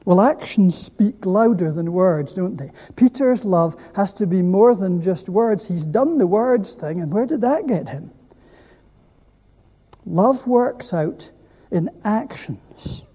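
A preacher delivers a sermon at an unhurried pace, leaning on rhetorical questions and repeated words. The voice is deep-toned and husky. It carries the long reverb of a large hall. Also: expressive, warm tone. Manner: asks the listeners rhetorical questions; gives words weight by repeating them. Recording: echoey hall.

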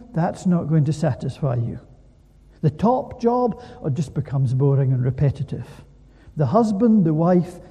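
A man preaching a sermon in an animated way, full of rhetorical questions, in a church. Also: on the high side, breathy edge, in a large hall.

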